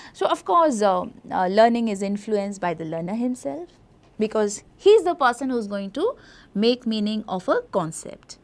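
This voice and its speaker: Woman lecturing, higher voice. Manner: explanatory, repeats "you know" and "uh", stresses words by doubling. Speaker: teacher educator. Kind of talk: lecture to trainee teachers.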